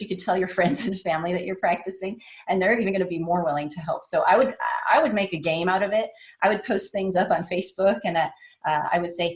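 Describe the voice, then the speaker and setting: A woman with a fairly low voice gives a casual, chatty talk at an online meetup, laughing often and pitching up into little acted-out voices whenever she quotes someone. The room she speaks in is echoey.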